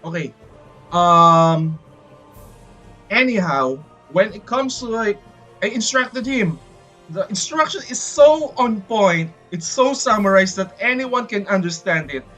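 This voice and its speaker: A man's voice: high voice, lively intonation, slow, sharp tone. A man from the Philippines, chatting casually on a livestream and ranting with lots of profanity. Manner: profane, rambling, frustrated ranting. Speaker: streamer. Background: background music.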